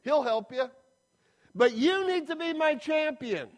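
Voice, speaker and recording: A man's voice: very high voice, expressive, a little slow, voice pushed up. A man voicing God commanding Moses, earnest and insistent. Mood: urgent.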